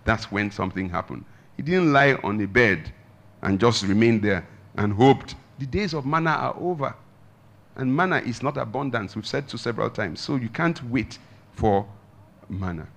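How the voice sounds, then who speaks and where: A man preaching a sermon as a pastor, emphatic, with big swings in pitch and loudness and slow drawn-out emphasis. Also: lively intonation, gravelly.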